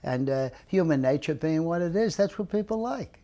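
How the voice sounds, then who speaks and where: A man's voice: a little high, normal speed. An older man, a retired lifeguard telling stories from his past and acting out the people in them. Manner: animated storyteller, acts out quoted voices. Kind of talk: storytelling reminiscence.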